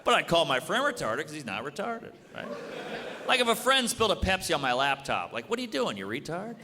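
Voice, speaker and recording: A man doing stand-up comedy, brash and deadpan, acting out quick back-and-forth exchanges on stage. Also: on the high side, a little hiss or hum. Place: comedy club stage before a live audience. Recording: live club recording with reverb and crowd.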